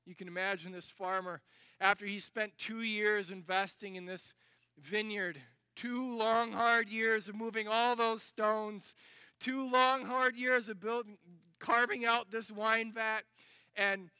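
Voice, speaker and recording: A man preaching a sermon, dramatic, dropping to a hush and then rising to loud emphasis as he acts out passages. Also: sits high, steady tone, measured pace, smooth, no echo. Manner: dramatic, shifts between hushed and loud; acts out the scripture passages he reads.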